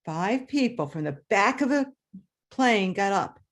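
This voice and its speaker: A woman who was a third grade teacher, telling a personal story live to an audience with dramatic pitch leaps. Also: sing-song, unhurried. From New York area. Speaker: storyteller, retired-style schoolteacher.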